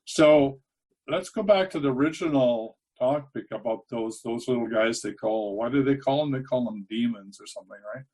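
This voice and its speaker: A man's voice: medium pitch, moderate pace, darkish tone, low-quality recording. A man hosting a casual interview show, asking long, rambling questions. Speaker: podcast host.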